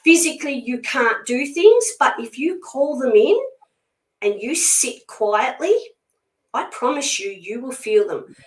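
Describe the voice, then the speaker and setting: A woman's voice: sits high, animated, a little slow. A woman speaking as a spiritual medium guest in a casual conversation, blunt, emphatic and outspoken. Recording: echoey room sound.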